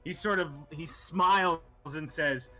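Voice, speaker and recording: A man's voice: fairly high pitch, measured pace, sharp tone, faint music behind. A man narrating a tabletop game as game master, casual and rambling, cursing freely.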